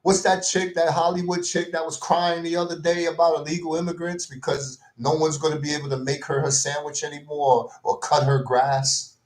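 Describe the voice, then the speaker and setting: A man's voice: medium pitch, normal speed. Slangy ranting man in an echoey room. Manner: slangy, repetitive, exasperated ranting with frequent "man" and "bro". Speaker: commentary vlogger. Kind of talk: casual rant.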